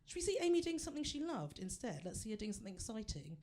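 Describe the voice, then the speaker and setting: A woman, working a live theatre crowd in a stand-up set. She is chatty and self-deprecating, and talks straight to the audience in a middle-pitched voice. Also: animated, fast, few pauses, a little mellow. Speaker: stand-up comedian.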